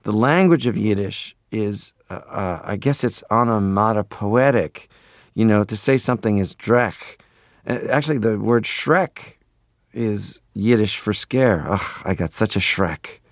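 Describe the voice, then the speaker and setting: A man's voice: lowish voice, a little slow, no room sound, clean studio sound. A man in his forties from Canada, a radio interview guest who talks in a playful, rambling way and keeps slipping into voices. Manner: playful, rambling, drops into voices and foreign phrases.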